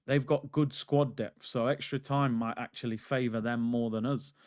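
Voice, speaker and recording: A man's voice: medium pitch, steady tone, normal speed, darkish tone, no echo, lo-fi sound. A man hosting a live football stream, ranting animatedly and reading out chat comments. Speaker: football channel host. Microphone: streaming mic.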